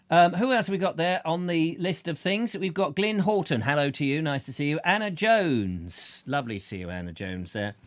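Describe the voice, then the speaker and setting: A man's voice: fairly high pitch, dry recording. A man hosting a live chat show, greeting viewers by name in a rambling, jokey way full of silly asides. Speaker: show host.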